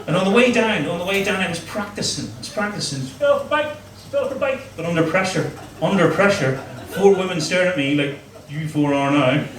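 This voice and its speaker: A middle-aged comedian telling crude, self-mocking stories on stage, his voice sitting a little high for a man. The sound is an echoey club room picked up from some way off the mic, with a faint hum of ambience behind. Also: brisk, hardly any pauses, far from the mic. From Northern Ireland. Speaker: stand-up comedian. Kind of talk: stand-up set.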